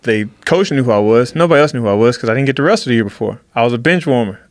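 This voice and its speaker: A man recounting a personal story at a rapid clip, lively and animated as he acts out what others said to him. His voice is close and dry, with no room sound around it. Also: medium pitch, dry recording. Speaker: podcast guest, fighter. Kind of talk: casual storytelling.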